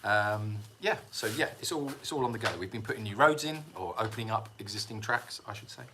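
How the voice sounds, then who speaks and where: A man's voice: on the low side, a little fast, noisy background. An English man hosting a casual animal sanctuary livestream, chatting with viewers and patiently explaining animal care. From England. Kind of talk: casual livestream chat reading viewer comments.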